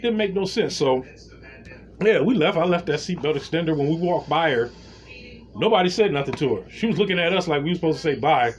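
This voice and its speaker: Guy doing a storytime rant, blunt and slangy, voice sits a bit high. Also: a little fast. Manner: blunt, slangy, animated retelling. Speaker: vlogger telling a story.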